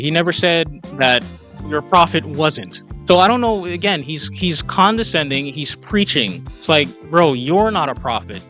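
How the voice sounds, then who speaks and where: A man with a fairly high voice talks back at video clips in a mocking, exasperated commentary. He keeps telling the person on screen to calm down. Faint music runs underneath. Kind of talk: opinion commentary.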